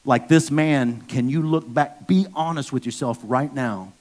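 With a mid-range voice and a measured pace, a pastor in his fifties delivers a candid sermon told through stories. Sudden loud bursts come as he acts them out.

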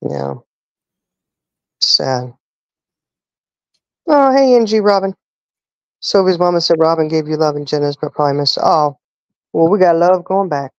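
Woman host, low voice, dry sound, indignant ranting delivery. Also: expressive, unhurried, long pauses, no room sound, highs cut off. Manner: indignant, ranting, rhetorical questions. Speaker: live stream host. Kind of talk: casual live-stream talk.

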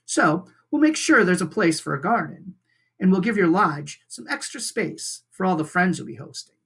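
A teacher reading aloud and voicing a grumpy, stubborn male beaver who mutters in a lower, quieter voice. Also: big pitch swings, normal speed, husky, exaggerated voice.

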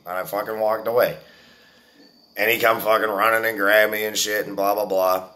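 A man's voice: on the low side, fairly quick, sharp tone. A man in his forties telling a story to his viewers in a casual, profane, boastful way. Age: 40s. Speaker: vlogger.

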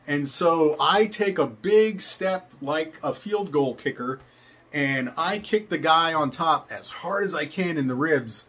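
A man's voice: fairly high pitch, lively intonation, unhurried, a bit bright, slightly rough. An older man casually telling a personal story, meandering with many fillers and chuckles.

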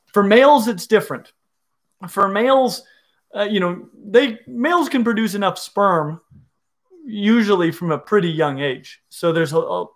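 A middle-aged man explains reptile biology to viewers in a casual Q&A, enthusiastic and full of restarts. His voice sits a little high for a man. He sounds like an educator thinking out loud. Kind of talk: casual livestream Q&A.

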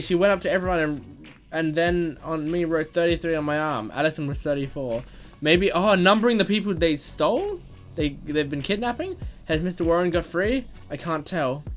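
A man reading a text story aloud and reacting excitedly as it unfolds, gasping and exclaiming at every twist. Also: a little high. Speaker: gaming video host.

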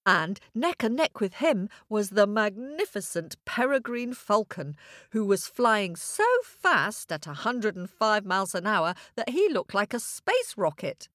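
A woman tells a children's fable in a playful, animated voice that rises and falls a lot. She speaks slowly and talks straight to the young listeners. The sound is dry and close. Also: medium pitch, no echo. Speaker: storyteller. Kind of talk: children's story narration.

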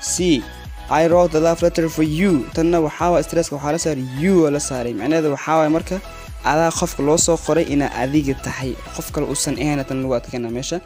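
A man teaching an English lesson, explaining each point quickly and reading the English example sentences slowly with exaggerated intonation. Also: on the high side, darkish tone, faint music behind. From Somalia. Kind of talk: recorded language lesson.

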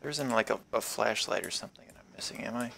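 A man's voice: lowish voice, quick pace, gravelly, bright, forceful tone, husky. A man giving casual let's-play commentary while gaming, rambling and wisecracking with plenty of swearing. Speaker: gameplay commentator.

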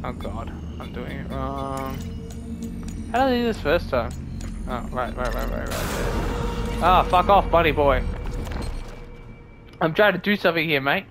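A man giving jokey, swearing let's play commentary and reacting loudly to scares. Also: medium pitch, animated, unhurried, pauses often, loud music behind the voice. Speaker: gaming video creator.

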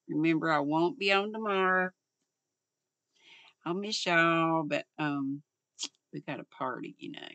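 Folksy Southern woman in her 60s, gravelly. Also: deep voice, big pitch swings, measured pace, a bit bright, dry recording. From North Carolina, US. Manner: homey, chatty, folksy. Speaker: channel host reading a novel. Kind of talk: reading a novel aloud.

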